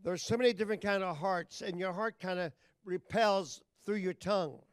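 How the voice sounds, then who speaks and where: A man preaching a sermon as pastor, talking folksy and plain with loud emphatic bursts. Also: sits high, moderate pace, clear, resonant tone, dry recording.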